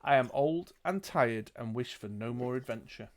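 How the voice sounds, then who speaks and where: A man voicing a tired old male wizard who speaks calmly and gravely. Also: mid-range voice, normal speed, lightly acted. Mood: calm, weary.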